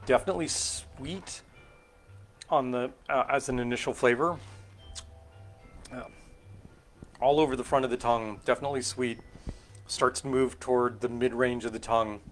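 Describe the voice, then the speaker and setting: A middle-aged man from California's Central Valley hosts a relaxed cocktail-making stream. He talks at an ordinary pitch for a man, musing out loud with many fillers and restarts. His delivery is loose and conversational rather than scripted. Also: normal speed, long pauses, soft background music. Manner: rambling, thinking aloud with fillers and self-corrections. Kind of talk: casual live-stream chat while mixing drinks.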